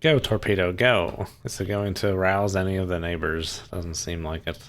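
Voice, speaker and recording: A man's voice: deep voice, steady tone, fairly quick, a little hiss or hum. A man streaming a naval game, musing aloud in casual commentary. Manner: laid-back, musing aloud.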